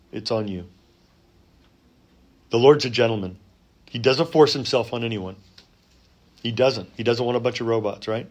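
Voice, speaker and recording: Male pastor, conversational sermon delivery, punchy emphasis and soft asides. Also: medium pitch. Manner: conversational, many fillers and restarts.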